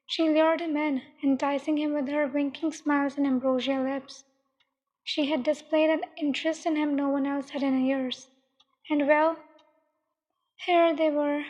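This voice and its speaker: A woman calmly narrating a dark adult story in a measured way. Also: high-pitched. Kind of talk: reading dark fiction aloud. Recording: dull, long echoing reverb.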